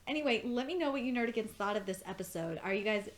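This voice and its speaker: A young woman giving an excited, profane, gushing review of a cartoon episode in casual chat. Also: mid-range voice, fast talker, a little hiss or hum. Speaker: video reviewer.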